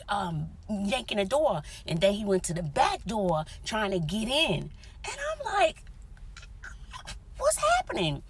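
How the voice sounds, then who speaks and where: A woman's voice: medium pitch, measured pace, slightly rough. A woman vlogger telling a dramatic story in casual chat, often dropping to whispers, recorded inside a parked car. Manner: animated, dramatic retelling with whispered asides.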